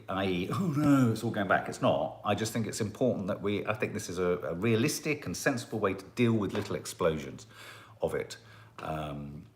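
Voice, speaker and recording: Chatty man, lowish voice. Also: fairly bright tone. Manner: chatty and rambling, with frequent restarts and asides. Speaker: live-stream host reading viewer comments. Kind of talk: casual live-stream chat.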